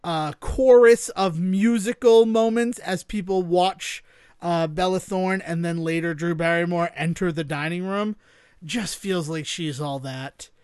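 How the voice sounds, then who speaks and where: A podcast co-host chatting casually about a film, deadpan and wry, spinning joke theories and swearing for emphasis. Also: mid-range voice, unhurried, clean tone, no room sound, clean studio sound. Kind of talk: casual film-review chat.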